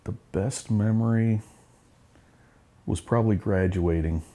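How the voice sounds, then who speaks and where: A man's voice: fairly low pitch, a little slow, warm tone. A middle-aged man, a Marine veteran, telling war stories in a casual interview, blunt and profane with bursts of laughter.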